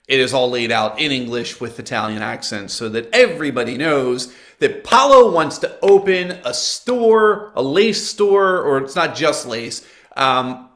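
A man's voice: fairly high pitch, a bit bright. A man co-hosting a casual film review chat, joking while he recaps the plot. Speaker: podcast co-host.

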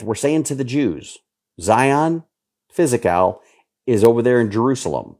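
This fifties-aged man preaches expressively at a measured pace, his darkish voice emphatic and repetitive. Sudden pitch jumps underline his points.

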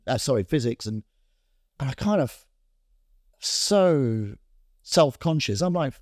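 A man's voice: mid-range voice, takes it slowly, dry recording, clean studio sound. A man in his fifties from Scotland, a fashion founder telling a long story as an interview guest, full of fillers and restarts. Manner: rambling, lively storyteller with many fillers and restarts.

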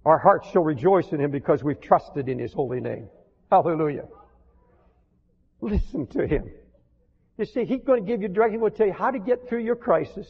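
An older man preaching with rising fervor, his voice sitting high and pressing hard on key lines. The sound is thin and phone-like, and a long hall echo trails after each phrase. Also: animated, brisk, long pauses, slightly rough. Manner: impassioned, rising to emphatic declarations, reads scripture in old-fashioned wording. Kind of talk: sermon. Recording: tinny phone-like archival recording with long hall reverb.

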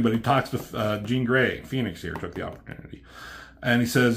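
A man's voice: on the low side, brisk, creaky. A man casually recapping a comic book, profane and offhand, with a mocking edge as he quotes the characters.

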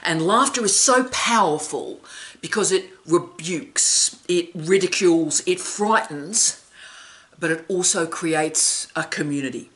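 A woman's voice: on the low side, unhurried, a bit bright. Wry, emphatic woman giving career advice. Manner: emphatic, wry storytelling with dry asides. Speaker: academic and vlog host. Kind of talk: advice vlog monologue.

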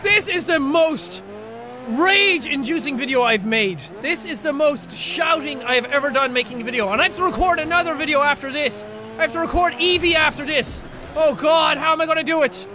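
A young man giving loud, excitable gameplay commentary with frequent shouting outbursts. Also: very high-pitched, a little fast, background noise. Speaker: gaming video host. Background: game music.

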